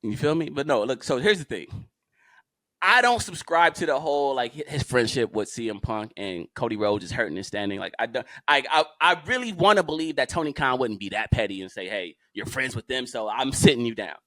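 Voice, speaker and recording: A man co-hosting a podcast, talking in a slangy, joking, animated casual chat. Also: mid-range voice, a little fast, dry recording. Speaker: podcast co-host.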